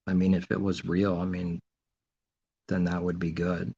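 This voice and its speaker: A man's voice: low voice, monotone, moderate pace, vocal fry, mellow, husky. A man delivering an informal sermon, asking and answering his own rhetorical questions, often with mocking sarcasm. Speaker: preacher. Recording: dull lo-fi recording.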